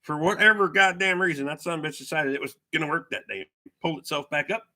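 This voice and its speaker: A man's voice: on the high side, quick pace, pushed and bright. A middle-aged man hosting a livestream, telling rambling, profane stories and reading viewer comments aloud. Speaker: livestream host. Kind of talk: casual storytelling chat with viewers.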